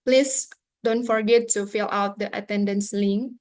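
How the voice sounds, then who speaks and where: A woman's voice: mid-range voice, fairly even intonation, a little slow, a little mellow. A woman, making courteous formal announcements as a seminar emcee. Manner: courteous, formal address to the audience. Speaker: master of ceremonies.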